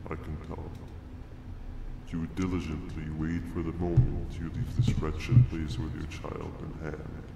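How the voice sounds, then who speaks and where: A man voicing a calm, sinister male game character who speaks in a slow, soothing and menacing way. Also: a bass voice, creaky, heavy background noise, full character voice.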